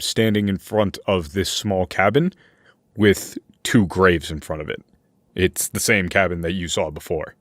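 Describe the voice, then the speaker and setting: A man's voice: on the low side, dry recording, studio quality. A man running a tabletop game as game master, narrating scenes loosely with plenty of fillers and restarts.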